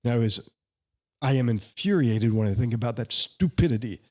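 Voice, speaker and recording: A man with a warm, relaxed voice at a middle pitch. He speaks as a candidate in a podcast interview, pressing his points with indignation and sarcasm. Between arguments he slips into chatty anecdotes. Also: moderate pace. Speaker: congressional candidate.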